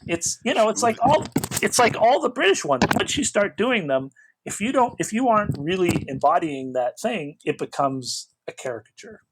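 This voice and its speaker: A man's voice: high voice, sing-song, moderate pace, noisy background. A man co-hosting a casual film-review chat, rambling with restarts and asides. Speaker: podcast co-host.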